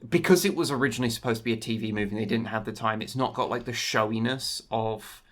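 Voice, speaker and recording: A man's voice: mid-range voice, fast, fairly bright tone. Man, podcast co-host, casual chat, hesitant, enthusiastic. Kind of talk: casual film discussion.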